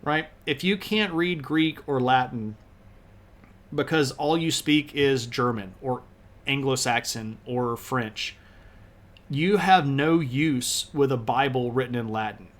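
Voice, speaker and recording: A man's voice: medium pitch, slow, fairly bright tone. A man streaming a live history lecture, talking in a casual, enthusiastic way with plenty of slang.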